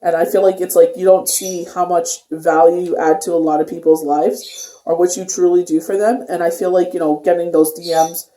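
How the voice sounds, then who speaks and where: Tarot reader doing a daily pull, mellow warm voice, lots of "you know", sounds like a roomy echoey space. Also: mid-range voice, fairly even intonation, a little fast. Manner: rambling, filler-heavy talk with many "you know"s. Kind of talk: casual daily tarot reading. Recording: echoey room.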